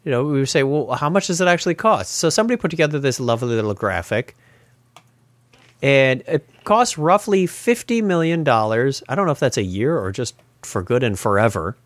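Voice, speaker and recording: A man's voice: medium pitch, big pitch swings, a little fast, no room sound. A man hosting a casual tech podcast, chatty and laughing as he retells funny stories. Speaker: podcast host.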